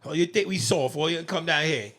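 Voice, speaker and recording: A man's voice: on the high side, a little fast, a bit bright, pitched above the performer's own voice, lightly acted. A man putting on a cocky South London tough guy with a mock London accent, taunting and chanting.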